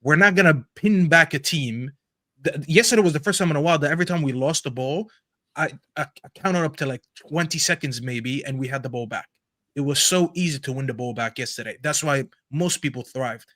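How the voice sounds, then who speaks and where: A man's voice: on the high side, a little fast, sharp tone, no echo. A man giving blunt, opinionated takes in a casual football chat.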